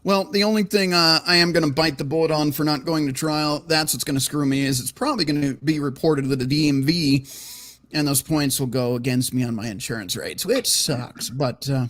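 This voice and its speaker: Relaxed male call-in host, dry sound. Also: fairly high pitch, a little fast, no echo. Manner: relaxed, swears casually, reads chat aloud. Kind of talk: casual call-in show hosting.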